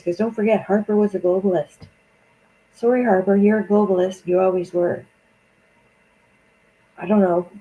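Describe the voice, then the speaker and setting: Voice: mid-range voice, gravelly, dark tone, slight background noise, low-quality recording. A speaker, angrily venting in a profane political monologue on a stream. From Canada.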